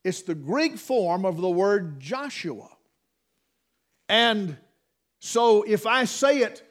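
A man's voice: sits high, lively intonation, slow, long pauses. A man preaching a sermon, emphatic, with restarts and rhetorical questions to the congregation.

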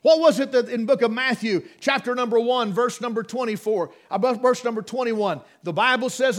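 A man's voice: extremely high pitch, normal speed, hardly any pauses. A man preaching a sermon, emphatic, with restarts and rhetorical questions to the congregation.

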